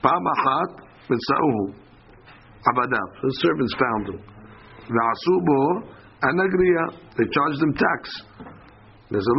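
Guy teaching talmud super fast, reads a line then translates it, mid pitch, kinda muffled recording. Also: slight background noise. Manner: reads the text aloud then translates in plain talk. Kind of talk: daily Talmud class.

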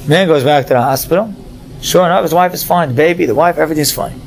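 A man's voice: fairly high pitch, fast, creaky, slight background noise. A man teaching a Torah class, telling stories and acting out the voices of the people in them. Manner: animated storyteller, acts out voices in stories.

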